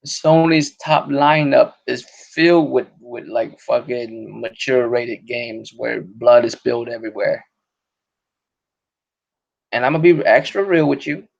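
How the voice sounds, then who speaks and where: Man, podcast host, gravelly voice, rambling casual talk, profane, dull lo-fi audio. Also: medium pitch, measured pace. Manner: rambling, profane, many restarts.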